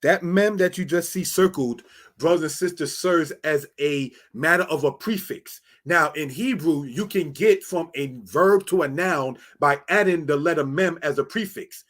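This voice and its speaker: Man, Bible Hebrew teacher, slightly high voice, slow and repetitive, screen-share lesson. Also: fairly bright tone. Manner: slow, repetitive, "all right?" and "brothers and sisters".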